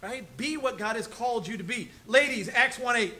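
A man's voice: very high-pitched, normal speed, sharp tone, rough recording. A male pastor preaching a conversational sermon in a church room, often checking in with "right?" and "okay?". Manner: chatty, keeps asking "right?" and "okay?".

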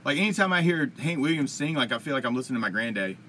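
A man's voice: medium pitch, animated, rapid-fire, pushed and bright, slight background noise. A man hosting a casual live-streamed music Q&A, answering chat from his computer in a rambling, upbeat way with lots of fillers. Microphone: computer mic at a desk.

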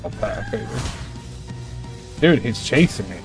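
Excitable man narrating his gameplay. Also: mid-range voice, measured pace, pauses often, soft background music. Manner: excitable, talks to his creatures, yelps when chased. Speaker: gamer. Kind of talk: live gameplay commentary.

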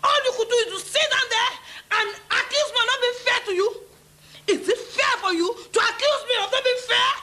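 A woman's voice: extremely high pitch, a little fast, sharp tone. A woman playing a defensive, scolding middle-aged mother who answers back indignantly. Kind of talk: film drama acting.

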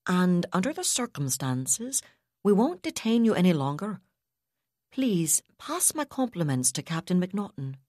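A woman voicing a calm, composed female officer who speaks in a measured, slightly wry way. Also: fairly low pitch, dry recording, studio quality, pitched above the performer's own voice.

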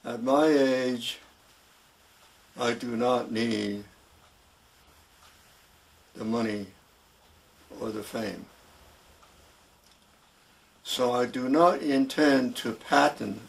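A man in his eighties, an inventor and harp maker, making a homemade video announcement in a slow, deliberate, formal way with a dry humor. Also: medium pitch, vocal fry. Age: 80s.

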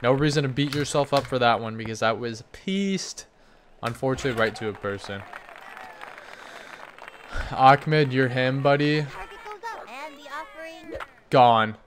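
A man giving excited game commentary as a gaming YouTuber, hyped and cheering players on by name. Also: mid-range voice, a little slow, pauses often, some chatter behind, a little hiss or hum.

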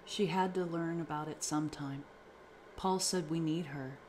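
A man's voice: fairly high pitch, steady tone, moderate pace, a little mellow, a little hiss or hum, close to an everyday voice. Cold, preachy cult mother, arrogant and sure of herself, read by a male narrator. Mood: smug. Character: cult-brainwashed mother, adult woman, smug.

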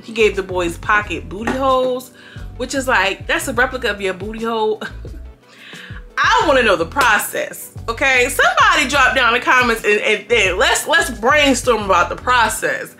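Bright-voiced, chatty woman recapping reality TV. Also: on the high side, big pitch swings, moderate pace, soft background music. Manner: slangy, chatty, acts out quotes. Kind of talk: casual recap commentary.

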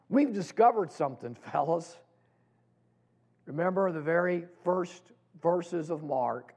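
Male pastor, sermon, slow deliberate delivery, fairly high gravelly voice. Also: lively intonation, darkish tone. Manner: slow, deliberate preaching with pauses and restarts.

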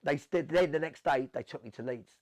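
A man with a South London accent, telling stories in an animated way as an interview guest, acting out what people said. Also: a little high, brisk. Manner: animated storytelling, acts out quotes, swears. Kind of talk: storytelling interview.

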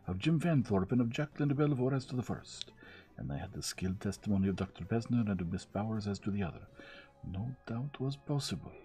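Man doing a precise old detective, lecturing calmly, breathy and low. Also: full character voice. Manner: measured, explaining step by step. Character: fussy precise older Belgian male detective.

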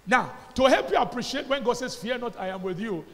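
A man with a Nigerian accent preaching a sermon as pastor, calling out to the congregation, sometimes shouting and sometimes dropping to quiet asides. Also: animated, a little fast. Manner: emphatic preaching, calls to the congregation, swings from loud shouts to low asides. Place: church hall. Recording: long hall reverb, faint background noise.

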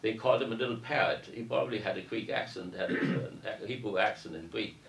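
A man's voice: lowish voice, fast, vocal fry, a bit bright, slight background noise. A man giving a university lecture in a parish hall, reading passages aloud and then discussing them at length. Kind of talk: academic lecture to an audience. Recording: roomy echo from a distance.

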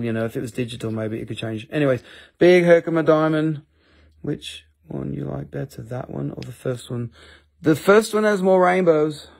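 In a mid-range, darkish voice with vocal fry, a man with an Appalachian accent runs a casual live-stream crystal sale. He rambles, cracks jokes about himself and swears without restraint.

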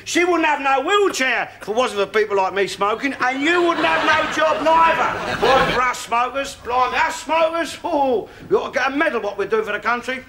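A ranting old grump. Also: male voice, very high-pitched, expressive, normal speed, hardly any pauses, a crowd in the background. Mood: blustering. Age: older. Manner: blustering, shouting, swearing. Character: ranting cantankerous old working-class London man. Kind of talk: studio sitcom acting. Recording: studio audience laughter and noise. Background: audience laughter.

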